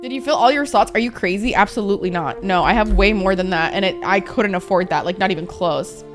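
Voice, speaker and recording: A young woman streamer chatting loosely with her viewers, swearing freely and teasing. Her voice sits at an ordinary middle pitch. Faint music plays underneath. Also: fast talker, hardly any pauses. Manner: profane, playful, rambling, breaks into laughter. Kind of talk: casual chat with stream viewers.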